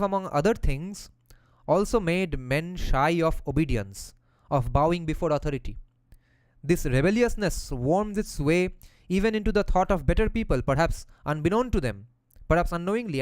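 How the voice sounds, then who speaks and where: A man's voice: on the high side, no echo. A man who reads passages from a philosophy text aloud and explains them in a casual way, using slang and the odd swear word.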